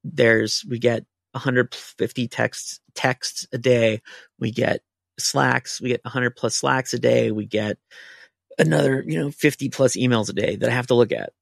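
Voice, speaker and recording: A man's voice: medium pitch, normal speed, creaky, no room sound, studio quality. A man, a writer, telling a long casual anecdote on a podcast, full of fillers and restarts. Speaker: writer guest.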